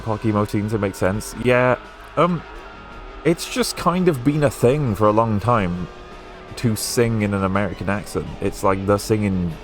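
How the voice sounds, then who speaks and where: A young man with a posh British accent chats through a racing game stream. His voice sits fairly low, and his talk wanders, full of little fillers and restarts. Faint game music plays behind him. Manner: rambling, chatty, with frequent fillers and laughs. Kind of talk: casual gameplay stream chat.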